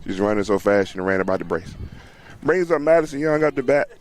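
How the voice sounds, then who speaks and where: A man calls a youth softball game from the sideline in a loose, talkative way. He laughs easily, cheers players on by name and talks to the people watching. He is recorded outdoors at the field. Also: lowish voice, expressive, fairly quick, a little hiss or hum. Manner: chatty, laughs often, talks to viewers and players. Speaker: sideline livestream commentator. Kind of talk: casual play-by-play commentary.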